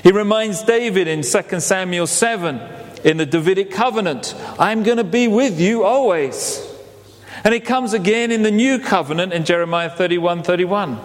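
A man preaching a sermon, telling it as an animated story and acting out the quotes. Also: high-pitched, moderate pace. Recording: long hall reverb.

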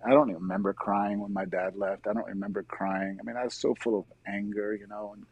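A middle-aged man, a guest in an interview, earnestly telling his personal faith story in a soft-spoken, conversational way. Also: lowish voice, little pitch movement, quick pace, gravelly, husky, no room sound, low-quality recording.

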